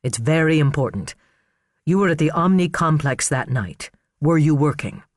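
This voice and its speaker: A man voicing a calm, persistent male defense lawyer who questions in a measured, prodding way. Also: a little high, no room sound, studio quality, lightly acted. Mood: coaxing.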